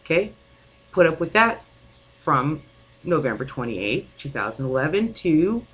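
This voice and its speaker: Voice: medium pitch, big pitch swings, a little slow, a bit bright, husky, low-quality recording. A distraught vlogger venting angrily to camera, swearing often and rambling with many fillers. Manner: angry, frequent swearing. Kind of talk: venting personal monologue.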